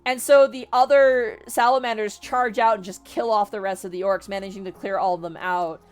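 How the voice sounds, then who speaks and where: A woman streamer casually retelling a story, chatty and animated, with frequent fillers and the odd swear. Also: medium pitch, fairly quick. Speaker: vtuber streamer.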